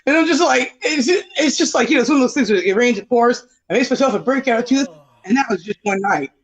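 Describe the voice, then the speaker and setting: A man's voice: very high voice, expressive, quick pace. A man telling a rambling, self-mocking story on a casual livestream panel, full of fillers and "right?" tags. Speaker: panel guest. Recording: dull lo-fi stream audio.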